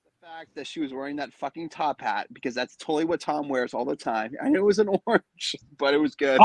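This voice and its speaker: A man from Ohio, a panel guest on a casual call-in show, animated and laughing, swearing freely. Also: on the high side, a little fast, no echo, low-quality recording.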